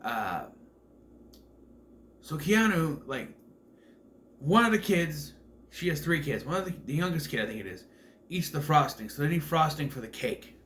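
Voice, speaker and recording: A man's voice: on the high side, very animated, normal speed, long pauses, fairly bright tone, slight background noise. Rambling man reviewing a film. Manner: rambling, filler-heavy, self-correcting. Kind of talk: casual film commentary.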